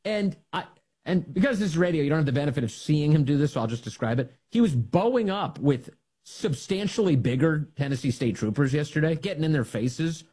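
A man's voice: a little high, lively intonation, a little fast, mellow, slightly rough. A man hosting a political talk radio show, sarcastic and mocking, laughing at his targets.

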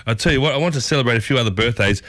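A man's voice: mid-range voice, very fast, a bit bright, no room sound. A man with an Australian accent hosting a morning radio show, talking in a chatty, upbeat, rambling way with plenty of fillers, on a close studio microphone. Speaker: radio host. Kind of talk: casual morning radio chat.

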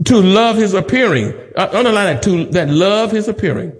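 A man's voice: high-pitched, animated, a little fast. A male pastor preaching a sermon, building emphatic repetitions and slipping in humorous asides. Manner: rhythmic repetition, rising to emphatic peaks. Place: church sanctuary.

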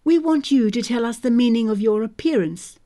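A woman's voice: on the high side, lively intonation, brisk, warm tone, close to an everyday voice. A woman voicing a young male army lieutenant who questions a prisoner in a formal, clipped, suspicious way. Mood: stern.

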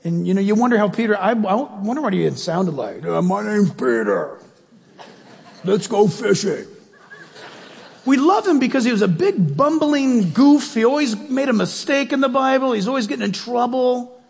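Husky high-voiced preacher in a big hall. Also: male voice, fairly quick. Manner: animated, emphatic, rhetorical questions to the audience. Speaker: pastor. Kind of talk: sermon.

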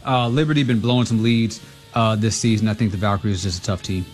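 A man's voice: lowish voice, fairly even intonation, fast, soft background music. A man chatting as a guest on sports radio, easygoing and agreeable. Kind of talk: casual sports chat.

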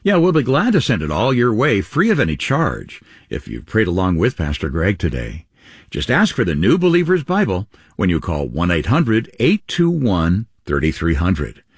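Male co-host, husky lower voice, very animated delivery, dry close mic. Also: moderate pace, dry recording. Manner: lively, upbeat, with wide pitch swings. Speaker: radio program co-host. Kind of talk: radio ministry announcing.

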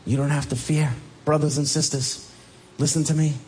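A man preaching a sermon as pastor, emphatic and repetitive, often rising sharply in pitch to drive a point home. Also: flat delivery, moderate pace, darkish tone, slight background noise.

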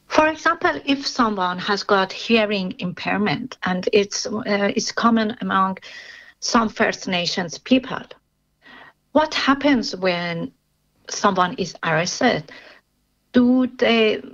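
A woman interviewer who asks measured, careful questions and adds brief affirming interjections while her guest speaks. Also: mid-range voice, lively intonation, fairly bright tone, dull audio.

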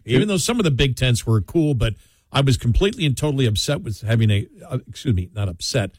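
A man's voice: mid-range voice, lively intonation, quick pace, no echo. A man chatting casually as a show's co-host, telling long rambling stories and laughing often. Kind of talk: casual chat.

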